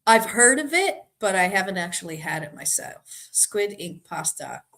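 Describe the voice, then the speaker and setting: A woman's voice: mid-range voice, sing-song, a little slow, fairly bright tone. Chatty woman trivia host from Boston. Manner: chatty, laughs easily, reads viewer comments aloud. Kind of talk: casual live-stream chat.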